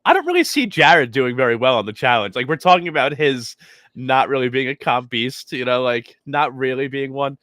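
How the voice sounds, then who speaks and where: A man's voice: mid-range voice, lively intonation, normal speed, a bit bright, no echo, studio quality. A man co-hosting a reality TV podcast, speaking in a hesitant, casual way and bringing up listener comments. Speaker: podcast co-host. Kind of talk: casual chat.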